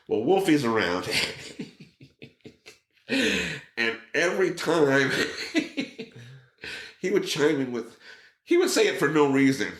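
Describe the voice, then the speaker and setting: Animated male storyteller in a roomy space. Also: on the high side, extremely slow, pauses often. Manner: animated, acts out other people's lines; swears casually. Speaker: podcast guest. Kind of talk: casual storytelling. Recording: roomy echo.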